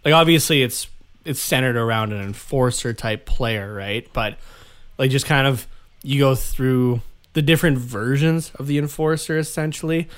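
A young man co-hosting a podcast, chatting casually and retelling scenes with animated laughs. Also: mid-range voice, moderate pace. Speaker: podcast co-host. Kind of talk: casual chat.

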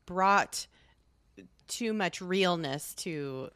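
Podcast cohost lady, relaxed, chimes in a lot, dry close mic. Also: lowish voice, extremely slow, no room sound. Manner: relaxed, reacts with short interjections. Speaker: podcast co-host. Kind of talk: casual chat.

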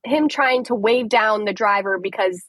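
A woman's voice: mid-range voice, moderate pace, fairly bright tone, dry recording. A young woman in her twenties, a caller dramatically retelling a story in a casual chat. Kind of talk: animated storytelling.

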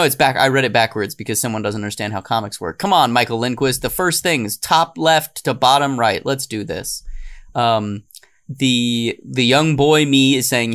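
Man, podcast co-host, casual chat, animated, bursts of loud quoting. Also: mid-range voice, normal speed, smooth. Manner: animated, laughing, loud when acting out meme quotes.

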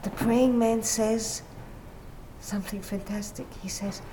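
Woman talking slow n thoughtful, middle pitch, keeps saying you know, acts out the quotes. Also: fairly even intonation, mellow, a little hiss or hum, low-quality recording. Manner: reflective, searching for words, frequent "you know", acts out quotes animatedly. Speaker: guest speaker on literature. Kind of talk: thoughtful conversational explanation.

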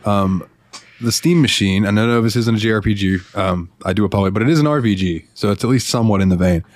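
A man's voice: lowish voice, fast, no echo. A man hosting a casual podcast, chatty and laughing often, full of "like" and "uh" fillers. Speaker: podcast host.

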